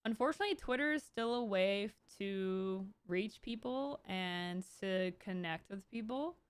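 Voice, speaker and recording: A woman in her thirties streaming live, talking casually in a rambling, animated way with many restarts and bursts of exasperation. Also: mid-range voice, unhurried, clear, resonant tone, dry recording. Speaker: Twitch streamer hosting her own stream. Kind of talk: casual livestream commentary.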